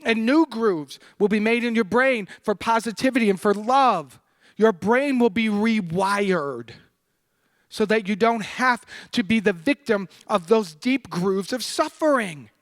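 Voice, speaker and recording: A man giving a Sunday sermon to a congregation, swinging between hushed, soft passages and loud, emphatic bursts. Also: sits high, animated, measured pace. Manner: candid, laughing at his own anecdote. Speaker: guest minister. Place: spiritual center congregation.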